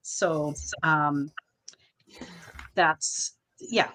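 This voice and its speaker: A woman's voice: low voice, steady tone, drawn-out words, a bit bright, slight background noise. A woman co-hosting a podcast, telling a story with frequent laughter and swearing. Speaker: podcast co-host. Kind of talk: casual chat.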